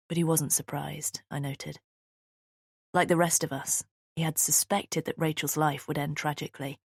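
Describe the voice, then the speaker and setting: A woman narrating a thriller audiobook in the first person, tense and steady, on a close studio mic. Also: low-pitched, normal speed, dry recording. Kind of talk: scripted narration.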